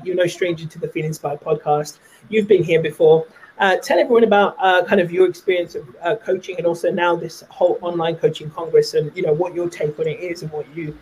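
A man's voice: sits high, slight background noise, low-quality recording. A man hosting a podcast, chatting casually with guests and rambling through many fillers. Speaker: podcast host. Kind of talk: casual interview chat.

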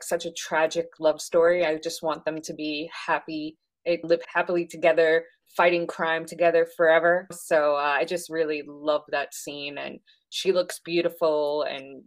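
Low-voiced woman gushing about a film. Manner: enthusiastic, gushing with fillers. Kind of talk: casual film discussion.

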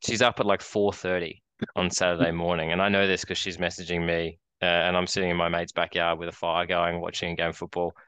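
Deep, flat-voiced Australian man. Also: fairly quick, smooth, no echo. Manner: rambling storyteller, many restarts and fillers. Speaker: podcast co-host. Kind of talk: casual chat.

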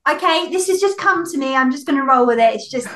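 A British woman co-hosting a podcast in casual chat, giggly and playful, thinking her ideas through out loud. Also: high-pitched, animated, fast. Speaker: podcast co-host.

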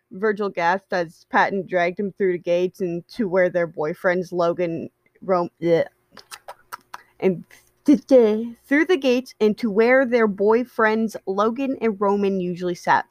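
A woman's voice: medium pitch, a little slow, a little mellow, no room sound. Woman reading a story, chatty and stumbling. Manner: stumbling, self-correcting, chatty asides. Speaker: story reader. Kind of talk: reading fan fiction aloud.

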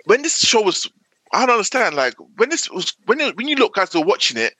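A young man argues with emphatic, slangy energy, repeating phrases as he presses his point. His voice is bright and forceful, swinging widely in pitch. It sounds a little husky and very dry, close to the mic. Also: sing-song, fairly quick, no room sound. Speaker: podcast co-host. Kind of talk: heated casual chat.

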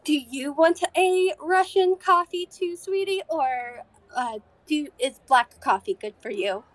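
A petite old diner waitress, fussing over her guests with honey and sweetie. Her voice sits high and bright, lifting on each offer, as a woman game master acts her out. The sound is dry and close. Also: animated, unhurried, no echo. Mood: chirpy. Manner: doting, calls people honey and sweetie.

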